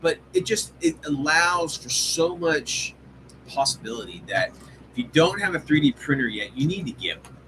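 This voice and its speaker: A man's voice: on the high side, animated, normal speed, sharp tone, slight background noise, poor audio. A man hosting a live hobby stream in casual chat, rambling and swearing often, full of fillers and restarts. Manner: rambling, profane, enthusiastic, lots of fillers. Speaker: hobby show host. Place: home hobby room.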